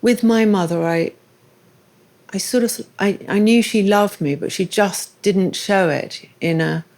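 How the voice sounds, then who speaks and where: A woman with a low voice hosts a live onstage conversation. She talks candidly and thoughtfully about personal matters, in a relaxed, conversational way. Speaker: interviewer and show host. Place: live festival stage.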